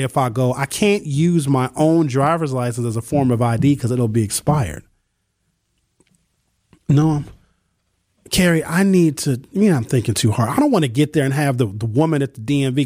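A man's voice: medium pitch, expressive, fairly quick, a little mellow, no room sound, clean studio sound. A man hosting a call-in talk show in a chatty, joking way. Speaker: radio talk show host. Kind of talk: casual call-in show chat.

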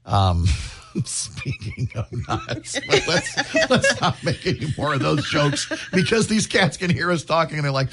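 Lively, slightly husky male radio host. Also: fairly high pitch, measured pace. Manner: jokey, laughs often, animated delivery. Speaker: radio morning show co-host. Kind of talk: upbeat radio banter. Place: radio studio. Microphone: studio microphone.

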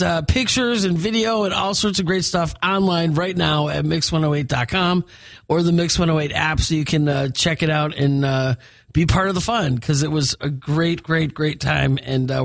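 Chatty Midwestern radio morning host. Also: female voice, low-pitched, normal speed, no room sound. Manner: chatty, many fillers and restarts. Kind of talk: upbeat live radio banter. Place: radio studio.

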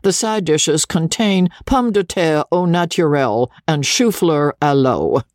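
A man voicing a grave, pompous older butler who announces dinner slowly and solemnly. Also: medium pitch, sing-song, no room sound, clean studio sound, voice pushed up. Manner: grave, slow, stately.

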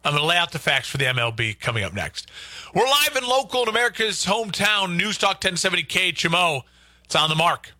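A man's voice: high voice, very animated, fast, pushed and bright, no room sound. A man hosting a local sports talk radio show, arguing his points emphatically and repeating them for stress.

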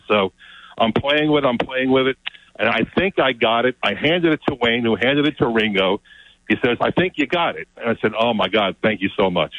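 Excited man telling a story, lo-fi. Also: medium pitch. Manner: excited, repeats words. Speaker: guest. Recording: dull, lo-fi sound.

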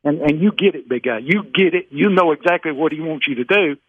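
A man calling in to a radio show, talking in a folksy, preacherly way with drawn-out emphatic phrasing over a phone line. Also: on the high side, husky. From Mississippi. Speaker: caller. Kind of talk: casual radio call-in chat. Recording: phone-line call, dry.

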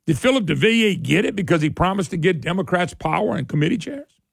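A man hosts a political talk radio show, sarcastic and folksy as he rails on. His voice sits high and carries a gravelly fry. The studio sound is dry and close. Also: sing-song, fast talker, no echo.

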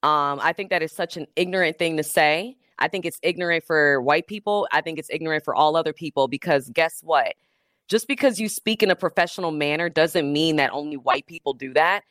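A woman radio host talks with a fairly low voice and plenty of slangy emphasis. She keeps throwing rhetorical questions at her listeners. The studio sound is close and dry. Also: brisk, fairly bright tone, dry recording. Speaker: radio talk show host. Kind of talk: opinionated call-in radio talk. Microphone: studio microphone.

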